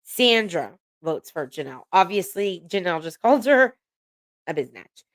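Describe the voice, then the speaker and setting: A woman's voice: lowish voice, big pitch swings, normal speed, no echo, studio quality. A woman casually recapping a reality show episode, gossiping, swearing freely and laughing as she retells the scenes.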